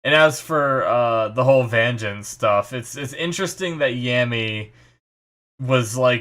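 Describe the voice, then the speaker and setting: A young man talking through his thoughts after an episode in loose, unscripted commentary. He wanders and restarts often, filling gaps with "um" and "you know" as he speculates. His pitch sits in an ordinary middle range. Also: unhurried, fairly bright tone. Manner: rambling, many fillers and restarts, speculative. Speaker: anime reaction host. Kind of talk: casual solo commentary.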